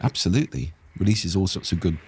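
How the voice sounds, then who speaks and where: An older man with a husky voice, explaining speaking technique in a lively, expressive conversational way. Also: deep voice, fast, a little hiss or hum. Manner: animated, expressive intonation. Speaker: voice coach guest.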